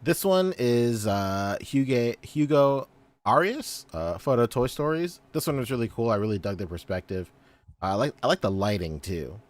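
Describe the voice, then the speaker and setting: A man's voice: mid-range voice, lively intonation, moderate pace. A man co-hosting a podcast in casual chat, laid-back, laughing often and repeating his praise. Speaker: podcast co-host.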